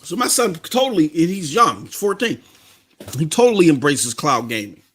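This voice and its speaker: A middle-aged man, hosting a casual live gaming stream, animated and repetitive, laughing often. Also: a little high, normal speed, breathy edge.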